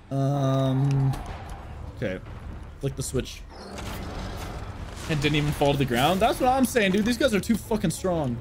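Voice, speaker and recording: A young man giving live gameplay commentary as a streamer, swearing often and shouting at enemies. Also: a little high, moderate pace, pauses often. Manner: animated, swears a lot, laughs and shouts at enemies. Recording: game music in the background.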